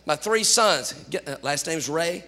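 A pastor preaching a sermon, telling animated stories and rising to shouts. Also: male voice, on the high side, unhurried, in a large hall.

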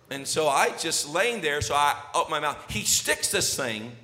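Animated jokey preacher in a ringing hall. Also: male voice, a little high, normal speed, few pauses. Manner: animated, jokey, acts out scenes. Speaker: pastor. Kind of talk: storytelling sermon intro. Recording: echoey hall reverb.

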